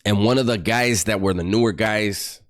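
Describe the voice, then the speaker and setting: A man tells his story in a slightly low voice. He talks bluntly and casually, with a streetwise, profane edge. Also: moderate pace. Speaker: former prisoner telling his story.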